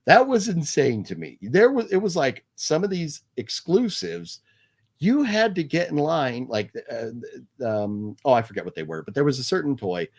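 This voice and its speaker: A man's voice: mid-range voice, sing-song, normal speed. A man hosting a live movie news stream, chatting casually and rambling, with many fillers and restarts while he reads viewer comments aloud.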